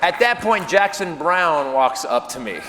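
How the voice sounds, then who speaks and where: A stand-up comedian telling a story on a live stage, loud and animated, dropping to mumbled self-talk. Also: male voice, on the high side, measured pace, a faint crowd. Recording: live hall reverb with audience noise.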